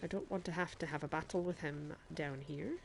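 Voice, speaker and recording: A woman's voice: low-pitched, a little fast, gravelly, slight background noise. A woman streamer chatting to her viewers in a put-on Irish accent while she plays a game, often laughing as she talks. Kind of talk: live gameplay commentary.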